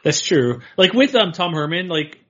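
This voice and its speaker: A man co-hosting a podcast, talking sports in a rambling, animated way and laughing often. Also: fairly high pitch, normal speed, husky. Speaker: podcast co-host. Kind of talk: casual sports chat. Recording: dull lo-fi audio.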